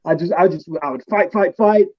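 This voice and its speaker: Guy with a high bouncy voice telling a swear-heavy funny story, dull dry lo-fi audio. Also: brisk, dry recording. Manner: animated, swearing freely, playful. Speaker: guest knight. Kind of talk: profane comic storytelling.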